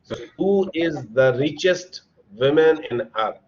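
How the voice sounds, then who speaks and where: A man's voice: fairly high pitch, lively intonation, a little slow, a little mellow. A man teaching an online grammar class, explaining patiently and spelling words out letter by letter. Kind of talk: online English grammar lesson. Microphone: computer mic on a video call. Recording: dull lo-fi online call audio.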